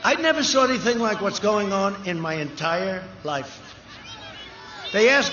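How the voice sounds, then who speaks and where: His voice is high, bright and forceful, with lively intonation and an unhurried pace, as he rambles and brags in repeated riffs at an outdoor rally. The crowd cheers, and the PA audio sounds echoey and muffled.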